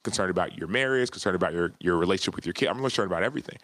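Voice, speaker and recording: Male podcast guest, 30s, deep voice, earnest and heartfelt, dry close sound. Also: animated, racing, a bit bright, dry recording. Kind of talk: casual interview storytelling.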